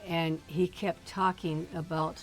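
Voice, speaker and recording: A woman's voice: deep voice, flat delivery, slow pace, faint music behind. An older woman in casual chat, telling stories and laughing often. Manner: chatty storyteller, laughs often. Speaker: streamer's mother, guest.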